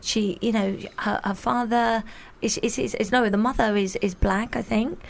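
A middle-aged woman co-hosting a radio chat show, her voice pitched a touch high. She talks in a playful, gossipy way and mocks herself. She often cuts into the talk. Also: fairly even intonation, moderate pace, vocal fry. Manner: chatty, playful, self-mocking, talks over others. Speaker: radio co-host.

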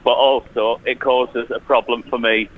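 A man's voice: mid-range voice, little pitch movement, normal speed. A man on a casual phone call, dry and evasive in how he answers.

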